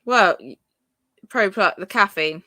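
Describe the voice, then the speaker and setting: A woman's voice: medium pitch, expressive, unhurried, pushed and bright, no room sound. A woman co-hosting a casual live podcast, speaking candidly with plenty of fillers. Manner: chatty, candid, trailing fillers. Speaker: podcast co-host.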